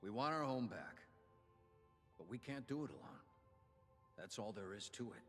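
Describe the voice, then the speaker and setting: A folksy old union inventor. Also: male voice, fairly low pitch, animated, moderate pace, a bit bright, big-room sound, faint music behind. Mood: earnest. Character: gruff older male union inventor and quartermaster. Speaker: game character giving quest dialogue.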